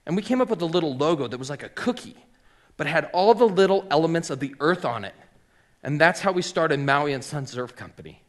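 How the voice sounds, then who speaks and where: A man's voice: fairly high pitch, expressive, a little fast. A middle-aged man who owns a hat shop, telling the story of how he bought it and acting out the people he quotes. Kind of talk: storytelling talk.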